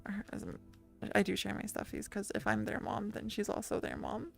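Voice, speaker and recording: A woman's voice: medium pitch, level tone, fairly quick, creaky, soft background music. A woman streamer chatting casually and rambling with her viewers, full of restarts and little laughs. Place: lying down at home.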